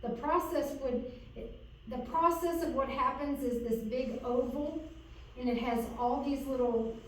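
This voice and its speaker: A woman's voice: high-pitched, unhurried, a little hiss or hum. Encouraging woman coaching, echoey room. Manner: encouraging, checks in with repeated "okay?". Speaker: sign language interpreter coaching a student. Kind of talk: hands-on coaching lesson. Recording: echoey room, far from mic.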